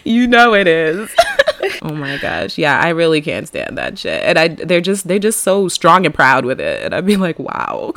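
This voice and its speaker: A woman's voice: sits low, huge pitch swings, moderate pace, a bit bright, no room sound. A young woman co-hosting a comedy podcast, brash and profane, acting out the voices she quotes. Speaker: podcast co-host. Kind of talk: casual comedic chat.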